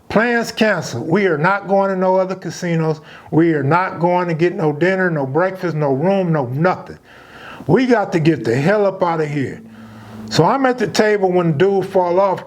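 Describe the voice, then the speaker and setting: A man telling a true street story in a casual, slang-filled conversational way. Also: high-pitched.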